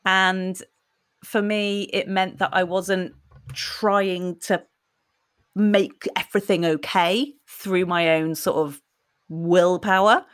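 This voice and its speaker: A woman's voice: medium pitch, steady tone, slow pace, a bit bright, smooth. A woman in her forties, talking reflectively and candidly in a podcast conversation.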